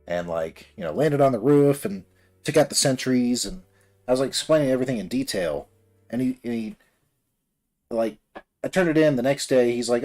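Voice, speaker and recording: A man's voice: medium pitch, animated, brisk, darkish tone. A man telling a long personal story in a rambling, casual way while building a model kit on a livestream. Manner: rambling, many fillers and restarts.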